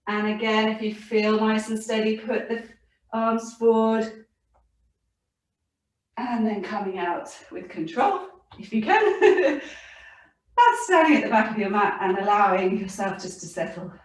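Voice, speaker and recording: A woman teaching a yoga class for children, gentle and encouraging, laughing now and then, recorded at home by a camera across the room. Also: fairly high pitch, lively intonation, a little slow, far from the mic. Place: home room with her dog and cat. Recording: very echoey room, voice from off-mic.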